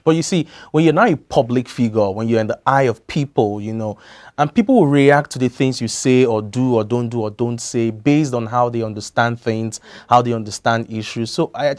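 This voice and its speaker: A man co-hosting a morning radio show, giving measured, reflective opinions in casual chat. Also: medium pitch, darkish tone. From Nigeria.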